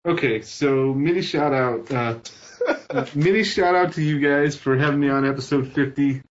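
A man guesting on a podcast, chatting casually and halting often with fillers. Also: mid-range voice. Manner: halting, full of uh and um. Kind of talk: casual chat. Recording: dull lo-fi sound.

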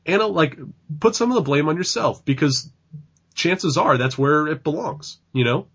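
A man's voice: on the high side, lively intonation, normal speed, a bit bright, husky. A man co-hosting a podcast, talking casually and loosely, full of fillers. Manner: loose, filler-heavy talk with frequent "like". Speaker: podcast co-host. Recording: dull lo-fi sound.

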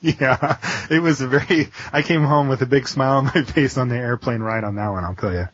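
Excitable, husky-voiced man on a podcast. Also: medium pitch, a little fast. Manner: excited, rambling with frequent restarts and fillers. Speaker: interview guest. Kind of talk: casual interview. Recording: dull lo-fi podcast audio.

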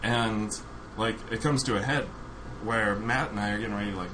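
A man's voice: lowish voice, very animated, moderate pace. A man casually telling a funny story on a podcast, laughing often as he goes. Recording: noisy recording.

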